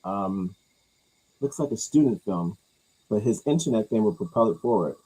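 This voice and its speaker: A man with a slightly husky voice hosts a loose, casual chat about movie news. He rambles, tosses out crude jokes and mutters low asides. His pitch swings widely from line to line. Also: lively intonation, moderate pace, mellow, poor audio. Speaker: host reacting to movie news.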